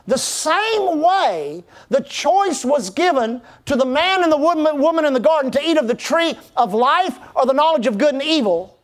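High-voiced preacher, fervent and rousing. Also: male voice. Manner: fervent preaching with call-and-response asides. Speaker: pastor. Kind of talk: sermon.

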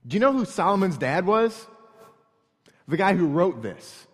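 A man's voice: high-pitched, big pitch swings, normal speed, slightly rough. A man preaching a sermon as pastor, emphatic, repeating lines for stress. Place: church hall. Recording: long reverb in a church hall.

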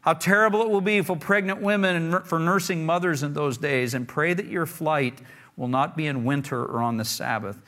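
A man's voice: on the high side, fairly quick, pushed and bright. A man preaching a sermon, reading scripture aloud and then explaining it in a conversational, emphatic way, often repeating words for stress. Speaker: pastor.

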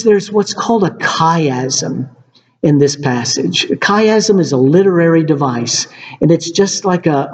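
A man's voice: a little high, a little mellow. A man preaching a sermon in an earnest way, often calling his listeners friends. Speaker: pastor. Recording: dull reverberant hall recording.

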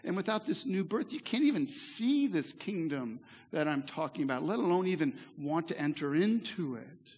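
A pastor giving a sermon in a church, earnest and conversational, with asides to the congregation. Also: male voice, a little high, very animated, moderate pace, darkish tone, breathy edge. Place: church sanctuary. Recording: echoey hall reverb.

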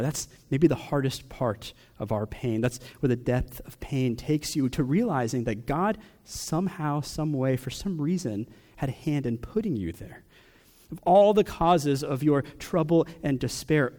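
A young adult man preaching a personal sermon, asking question after question with long pauses. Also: mid-range voice, lively intonation, dark tone. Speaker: pastor.

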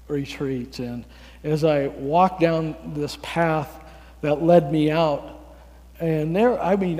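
A man preaching a sermon, telling a story with lively acted-out dialogue and small chuckles. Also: on the high side, in a large hall.

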